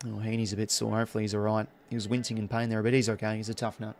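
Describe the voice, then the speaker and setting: Aussie bloke doing live footy watch-along, gets loud and excited then grumbles. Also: male voice, fairly low pitch, very fast, a little hiss or hum. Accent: Australian. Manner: excitable fan commentary, groans and cheers. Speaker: host.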